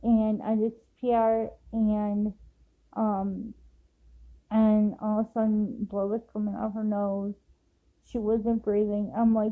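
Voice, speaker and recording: A woman's voice: mid-range voice, little pitch movement, phone-quality sound. Grieving woman telling a raw story. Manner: raw, emotional retelling, rushed bursts. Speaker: vlogger, grieving mother. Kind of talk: personal storytelling to camera.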